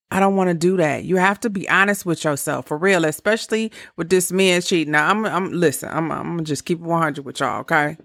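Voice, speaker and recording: Slow, gravelly, blunt woman giving advice. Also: lowish voice, dry recording, clean studio sound. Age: around 50. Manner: blunt, profane, candid with laughing asides. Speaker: relationship advice host. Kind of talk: casual advice monologue.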